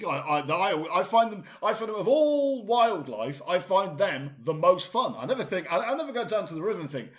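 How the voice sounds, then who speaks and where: A man, co-hosting a comedy podcast, excitable and animated, often stumbling over repeated words. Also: high voice, moderate pace, hardly any pauses. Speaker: co-host.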